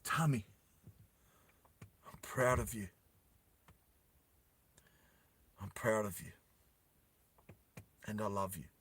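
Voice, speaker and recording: A man voicing a wounded, dying father who speaks softly and haltingly in a storytelling video. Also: steady tone. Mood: tender. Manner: soft, low, halting.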